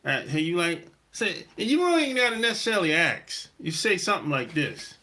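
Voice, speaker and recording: A man's voice: high voice, wildly swooping pitch, brisk, bright, forceful tone. A middle-aged man hosting a podcast, talking in a casual, rambling monologue full of slang and laughs. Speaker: podcast host.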